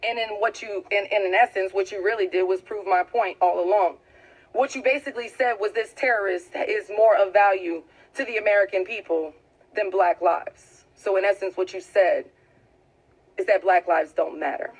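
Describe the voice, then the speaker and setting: A woman's voice: mid-range voice, moderate pace, breathy edge, low-quality recording. A woman from Louisiana giving an impassioned monologue to camera, emphatic and pleading, repeating phrases for force. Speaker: video blogger.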